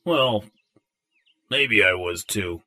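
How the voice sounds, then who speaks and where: A grumpy, sarcastic robot from a cartoon, voiced by a man, with a very deep, slow drawl. He hedges and grumbles through grudging apologies. His tone has a bright, hard edge. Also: expressive, exaggerated voice. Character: gruff grumpy male robot G D.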